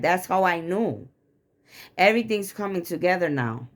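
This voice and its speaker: A woman's voice: on the low side, moderate pace. A woman from the Chicago area giving an emotional, rambling, profanity-laced confessional rant to camera. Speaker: vlogger.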